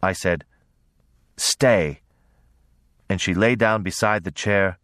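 A man narrating a novel as an audiobook reader, in a measured, gentle storytelling manner. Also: low-pitched, fairly even intonation, no room sound, clean studio sound. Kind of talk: scripted narration.

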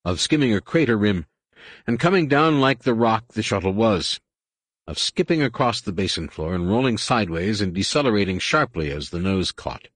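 A man reading a science fiction novel aloud in measured, dramatic scripted narration. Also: lowish voice, animated, fairly bright tone, breathy edge, dry recording. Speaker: audiobook narrator.

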